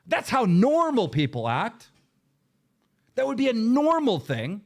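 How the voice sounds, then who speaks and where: A man hosting a show, ranting angrily with heavy swearing and sudden shouted bursts. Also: extremely high pitch, wildly swooping pitch, a little slow. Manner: profane, heated, bursts into shouting. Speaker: show host. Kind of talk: angry livestream rant.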